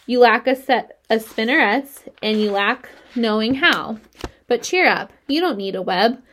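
A wise and kindly spider in a storybook, calm and measured, explaining things with patient, gently teasing ease, voiced by a woman reader. Her voice sits close to the narrator's own, just a touch steadier and lower.

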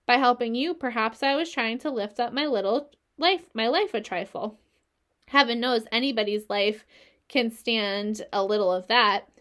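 A wise, gentle female spider in a storybook, calm and weary, speaking in a steady, reassuring way. A woman reading aloud gives her voice. Her tone stays close to the reader's own, a little high. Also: normal speed, natural voice. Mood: tender.

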